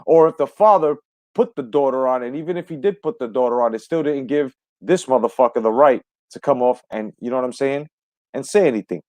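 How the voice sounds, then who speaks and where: A man's voice: medium pitch, brisk, darkish tone, dry recording. A man hosting a live stream from the United States, ranting with heavy profanity and greeting viewers in the chat. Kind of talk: heated live stream commentary.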